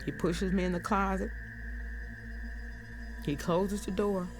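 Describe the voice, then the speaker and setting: An older woman recounting her experience in documentary testimony, halting and repeating words as she goes. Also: medium pitch, fairly even intonation, music in the background. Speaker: crime survivor interviewee.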